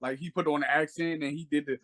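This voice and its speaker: Animated man telling stories. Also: a little high, quick pace. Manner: animated storyteller, acts out quotes in raised voices. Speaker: podcast co-host. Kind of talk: casual chat.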